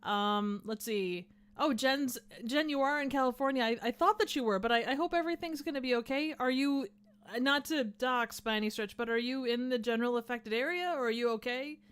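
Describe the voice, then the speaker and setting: A woman's voice: fairly high pitch, brisk, a bit bright, clean tone, no room sound. A woman with a Midwestern American accent hosting a livestream, reading chat messages in a chatty, giggly way. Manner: giggly, laughs often, chatty. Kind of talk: casual chat.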